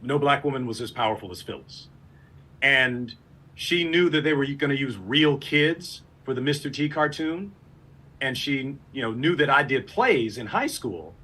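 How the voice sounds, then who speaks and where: A man from Los Angeles recalling stories in a relaxed interview. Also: medium pitch, normal speed. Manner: relaxed storytelling, loose restarts. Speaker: interview guest. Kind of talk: casual interview chat.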